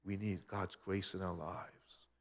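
A man's voice: deep voice, little pitch movement, slow, long reverb tail. A man preaching a conversational sermon as a pastor, acting out quoted voices as he goes.

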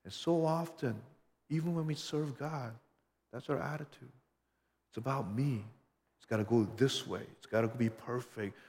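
A man preaching a sermon as pastor, earnest and emphatic, often pausing for rhetorical questions. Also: medium pitch, a little mellow, big-room sound.

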